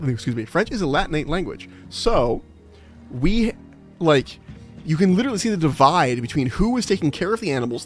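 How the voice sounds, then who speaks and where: A man streaming live and chatting casually with viewers, rambling with lots of restarts and fillers. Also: mid-range voice. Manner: rambling, full of restarts and filler, laughs often. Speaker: game streamer.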